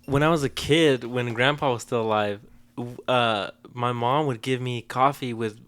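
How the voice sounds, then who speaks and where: A man's voice: medium pitch, steady tone, normal speed, a bit bright, clear, resonant tone. A young man co-hosting a podcast, telling stories in easygoing casual chat. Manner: easygoing storyteller, laughs often. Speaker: podcast co-host.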